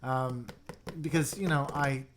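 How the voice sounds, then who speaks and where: A young man hosting a casual livestream, chatty and excitable, reading viewer comments and dropping into mumbled asides. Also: medium pitch, takes it slowly, background noise. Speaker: livestream host reviewing keyboards.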